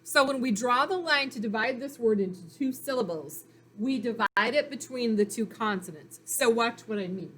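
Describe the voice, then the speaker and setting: A woman teaching young children phonics in a recorded lesson, speaking slowly and clearly in an encouraging way. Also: fairly high pitch, animated, fairly bright tone, slight background noise.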